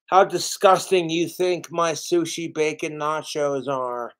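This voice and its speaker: A man's voice: a little high, slow. Profane rambling man on a livestream. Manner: profane, self-pitying, meandering with restarts. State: drinking alcohol. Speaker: YouTuber livestreaming cooking videos.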